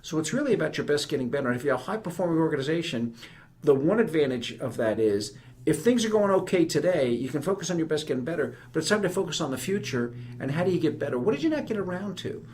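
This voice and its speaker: A man in his fifties from New York with a New York accent, a retired army general telling animated, emphatic stories as a podcast guest. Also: on the high side, fast. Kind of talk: conversational podcast interview.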